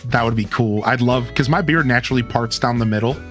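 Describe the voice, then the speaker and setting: A young adult man chatting casually on a live stream into a studio microphone, laid-back and animated, his voice peaking and dropping, with lots of "like" and "dude". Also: mid-range voice, fast talker, soft background music. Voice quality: dynamic voice that peaks and drops. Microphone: studio mic with equalizer and cutoff.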